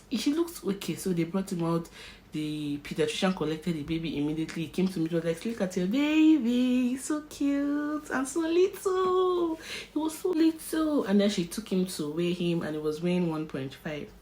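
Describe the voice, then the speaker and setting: Low-voiced Nigerian woman telling a story. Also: low-quality recording. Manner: animated, vivid storyteller who acts out scenes. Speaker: vlogger. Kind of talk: emotional story-time narration.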